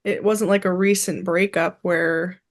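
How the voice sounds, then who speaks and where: A young woman co-hosting a podcast, chatting casually and telling a story with lively acted-out quotes. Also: lowish voice, a little slow. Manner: animated storyteller, acts out quotes. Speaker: podcast co-host. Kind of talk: casual chat.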